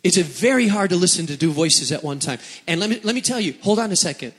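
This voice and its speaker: A man preaches to his congregation in a high voice that stays above the usual male range. He drives his points home by repeating phrases with dramatic weight. His words ring out with a long reverb in a church hall. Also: lively intonation, quick pace, fairly bright tone, slightly rough. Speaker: pastor. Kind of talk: sermon.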